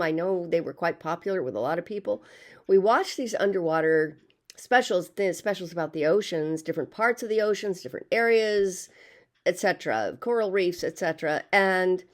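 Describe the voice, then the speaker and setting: Older female vlogger with a lowish voice, rambling and hesitant, lots of fillers. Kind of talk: casual monologue to camera.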